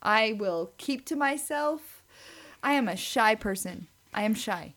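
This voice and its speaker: A woman's voice: fairly high pitch, lively intonation, unhurried, a bit bright. A woman co-hosting a podcast in casual chat, reading out advice and telling a story. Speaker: podcast co-host.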